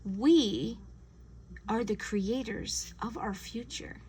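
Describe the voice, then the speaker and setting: A woman giving a casual spiritual tarot reading, earnest and gentle, often acting out imagined conversations. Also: a little high, slow, a little hiss or hum, poor audio. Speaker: tarot reader.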